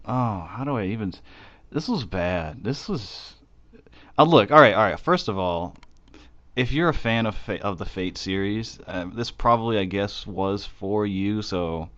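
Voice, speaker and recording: A man with a lowish voice chats loosely on a podcast, swearing and circling back with filler words. The audio is dull and lo-fi. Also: expressive, a little slow, fairly bright tone. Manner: rambling, profane, frequent fillers and restarts. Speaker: podcast co-host. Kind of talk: casual chat.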